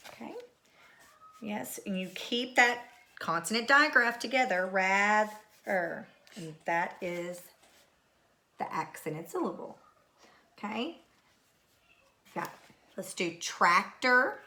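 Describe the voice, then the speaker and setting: A woman's voice: mid-range voice, lively intonation, slow pace, long pauses, pushed and bright. A woman teacher giving a recorded phonics lesson to young pupils, patiently repeating each word. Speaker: third grade teacher.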